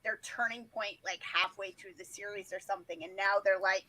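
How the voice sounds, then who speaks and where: A woman's voice: medium pitch, steady tone, fairly quick, bright, forceful tone, rough recording. A woman co-hosting a casual chat, rambling with lots of fillers as she brainstorms. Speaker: podcast co-host.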